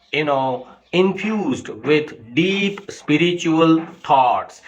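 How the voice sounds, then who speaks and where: A man's voice: fairly high pitch, a bit bright, low-quality recording. A man, teaching poetry in a patient lecture that often checks in with "okay" and "you know". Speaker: English literature teacher.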